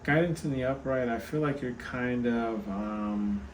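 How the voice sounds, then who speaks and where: Tired guy reading oracle cards, chatty, lots of ums, mid pitch, steady hiss behind him. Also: measured pace. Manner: chatty, many fillers, talks to viewers directly. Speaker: tarot card reader and channel host. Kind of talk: casual oracle card reading. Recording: steady background noise.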